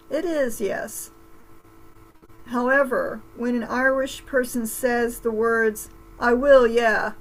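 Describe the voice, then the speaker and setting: Gravelly woman on a video call. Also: fairly high pitch, a little hiss or hum, poor audio. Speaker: course instructor. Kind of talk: class preview talk.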